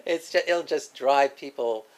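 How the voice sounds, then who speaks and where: A man hosting an educational talk show, talking in a relaxed, halting way with frequent fillers and restarts and easy laughter. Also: mid-range voice, slight background noise. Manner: hesitant, many fillers and restarts, laughs often. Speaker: host. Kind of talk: casual educational discussion.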